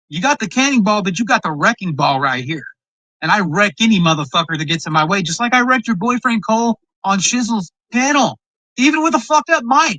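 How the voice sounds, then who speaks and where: A man with a high, bright, cutting voice tears into a rival as he reacts to a video. His talk is boastful and profane, and the sound is dry and close with almost no room around it. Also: dry recording, rough recording. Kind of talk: heated reaction commentary.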